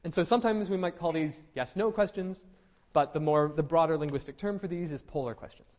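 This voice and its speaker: A man's voice: a little high, fairly quick, a little mellow, highs cut off. A man giving a classroom lecture, conversational, with frequent fillers and restarts, asking the class questions. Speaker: university lecturer.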